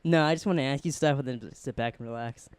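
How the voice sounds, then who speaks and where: A young man co-hosting a casual TV review chat, excited and rambling with lots of restarts. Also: medium pitch, fast talker, clear, resonant tone, dry recording. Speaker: podcast co-host.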